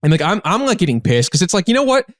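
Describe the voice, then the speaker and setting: A man with a slightly higher-than-usual voice tells a story as a guest on a comedy podcast. He rambles in an animated way and leans on filler words. The sound is close and dry. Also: very fast, no room sound. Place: living in a big city.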